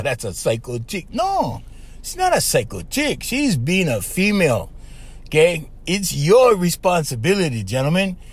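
A man hosting a podcast, giving relationship advice in an emphatic, casual monologue that keeps checking in with "okay" and "right.". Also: high voice. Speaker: podcast host.

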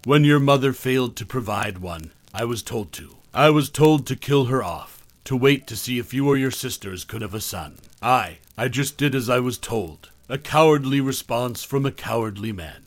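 Cowering older dad, stammering and pleading, read by a male narrator; mid pitch. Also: animated, moderate pace, few pauses, no room sound, lightly acted. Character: frightened older father begging, male.

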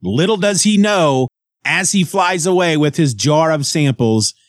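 A man hosting a comic book podcast, recapping and reviewing an issue in a casual, animated way with chuckles. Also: on the high side, unhurried, no echo, clean studio sound.

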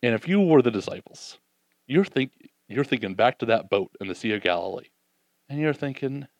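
Guy giving a sermon, acts out the disciples, goes quiet and slow for the reflective bits, dry sound. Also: mid-range voice, dry recording. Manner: animated, voices the disciples' doubts, drops soft and slow for reflection. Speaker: preacher.

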